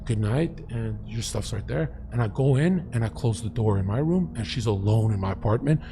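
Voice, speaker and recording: A man's voice: on the low side, expressive, brisk, noisy background. Blunt, crude-talking man. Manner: blunt, crude, boastful storytelling. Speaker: livestream guest. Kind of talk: casual livestream chat.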